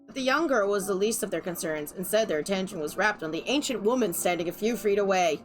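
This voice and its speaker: A woman's voice: mid-range voice, animated, quick pace. Woman streamer narrating game text, wry asides, medium voice, faint music under.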